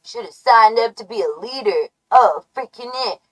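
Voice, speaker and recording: Woman, streamer, chaotic ASMR trolling, slow drawl, playful nonsense, soft murmurs then sudden shouts. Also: on the high side, lively intonation, poor audio.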